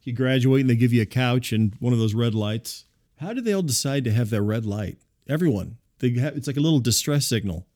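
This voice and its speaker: Dry deadpan man rambling. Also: medium pitch, brisk. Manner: dry, rambling, wry asides. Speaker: host. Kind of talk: deadpan comic monologue.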